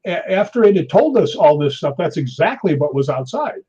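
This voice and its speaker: Male guest, husky and a touch high, animated raconteur, dull lo-fi recording. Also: brisk. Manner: animated, acts out quotes, laughs often. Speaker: guest storyteller. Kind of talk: casual anecdote telling. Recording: dull lo-fi sound.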